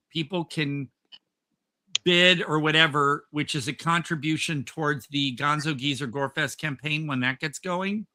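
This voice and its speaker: A male podcast host with a strikingly bright, keen, fairly high voice, recorded dry and close. He chats casually and rambles enthusiastically, full of fillers and restarts. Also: no room sound. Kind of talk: casual chat.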